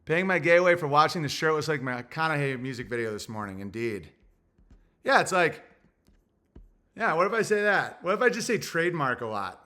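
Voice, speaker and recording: A young man hosts his own livestream, rambling crudely as he thinks out loud and reads viewer messages. His voice sits a little high for a man, with a sharp, bright edge to it. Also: expressive, a little fast. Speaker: livestream host reading super chats. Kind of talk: casual livestream rant.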